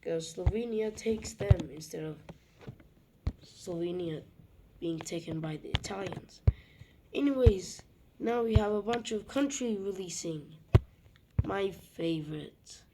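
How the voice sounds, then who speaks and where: A young woman narrating a map video in a casual, rambling way, with self-mocking asides and soft muttered remarks. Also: medium pitch, slow pace, long pauses. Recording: loud background noise.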